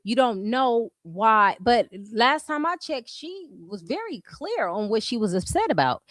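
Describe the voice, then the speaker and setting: A woman's voice: fairly high pitch, sing-song, a little slow, hardly any pauses, a bit bright, no room sound. A woman streamer giving blunt, mocking drama commentary, full of rhetorical questions.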